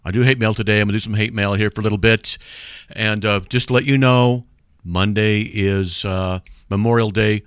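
A man's voice: fairly low pitch, fairly even intonation, normal speed, clean tone, dry recording. A man hosting a casual radio call-in show, joking and laughing at himself as he talks to listeners from the studio. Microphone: studio microphone.

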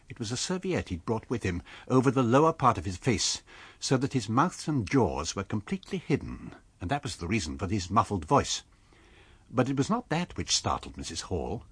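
A man reading a classic novel aloud for radio, with measured storytelling and light character voices. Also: medium pitch, husky, no room sound. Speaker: audiobook reader.

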